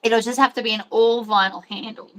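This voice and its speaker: A woman's voice: fairly high pitch, steady tone, brisk. A woman chatting casually and rambling while she sews. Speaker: sewing host. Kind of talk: casual chat while sewing.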